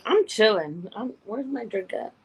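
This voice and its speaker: A woman's voice: mid-range voice, animated, a little slow, breathy edge, rough recording. A woman from Arkansas calling in to a livestream show, talking bluntly and swearing freely. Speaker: caller. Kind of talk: casual call-in chat.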